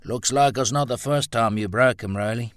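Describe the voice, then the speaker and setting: A man's voice: mid-range voice, normal speed, no room sound, pitched above the performer's own voice, close to an everyday voice. A man voicing Harry Simpson, a large, plain-spoken stockman with a dry, teasing way of talking, in an audiobook.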